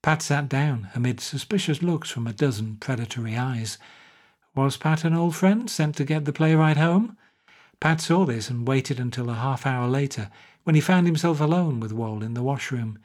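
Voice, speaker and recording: A man reading a short story aloud in a measured, wry narration. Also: medium pitch, darkish tone. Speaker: audiobook narrator. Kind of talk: scripted narration.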